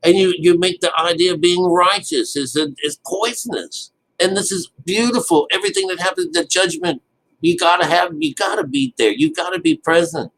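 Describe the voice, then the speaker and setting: A man's voice: high-pitched, moderate pace, a bit bright, low-quality recording. A man giving a casual, rambling Bible commentary, full of restarts and loose swearing. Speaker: Bible teacher.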